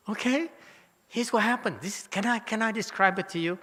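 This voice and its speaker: A man teaching a Buddhist dharma lecture, animated and teasing, with many rhetorical questions to his listeners. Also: sits high, normal speed. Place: temple lecture hall. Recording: hall reverb.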